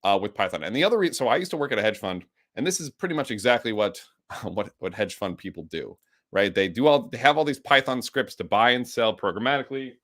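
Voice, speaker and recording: A man with the hiccups, teaching a live coding lesson with an enthusiastic, energetic way of explaining. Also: mid-range voice, quick pace. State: has the hiccups. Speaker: instructor.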